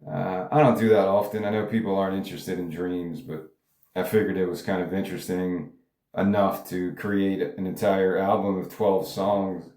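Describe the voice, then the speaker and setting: A man's voice: deep voice, level tone, moderate pace, a little mellow, reverberant. A songwriter talking casually about his music, rambling and stopping himself, with many fillers along the way. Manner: rambling, self-interrupting, frequent filler words. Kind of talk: casual monologue.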